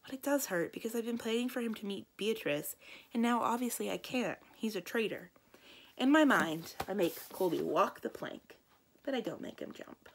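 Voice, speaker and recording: A woman librarian reading a children's novel aloud in a lively, expressive storytelling voice. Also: normal speed, slightly rough. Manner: lively, expressive storytelling with big swings in pitch and loudness.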